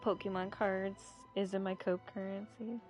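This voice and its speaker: A woman's voice: medium pitch, level tone, normal speed, a little mellow, muffled recording. A woman streamer with a rural American accent, chatting in a rambling, giggly, irreverent way. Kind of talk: casual live-stream chat. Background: faint game music.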